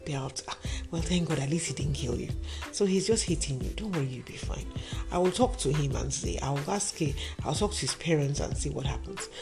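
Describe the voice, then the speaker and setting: A woman's voice: low voice, animated, fairly quick, gravelly, over music. A woman voicing a middle-aged mother who soothingly brushes off her daughter's complaints. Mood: dismissive. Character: dismissive middle-aged mother excusing abuse.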